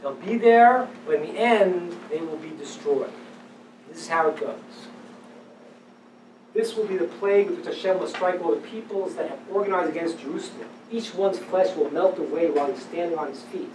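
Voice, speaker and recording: Animated rabbi lecturing in a roomy hall. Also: male voice, high voice, normal speed, noisy background. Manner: animated, emphatic, swings between hushed and loud. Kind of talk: lecture on religious texts to a live audience. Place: event hall with audience. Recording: roomy, distant live-event recording.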